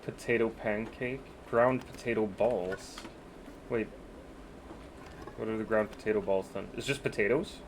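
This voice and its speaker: A man's voice: on the low side, unhurried, pauses often, a little hiss or hum. A man streaming a game in casual chat, laid-back, swearing offhandedly and laughing easily.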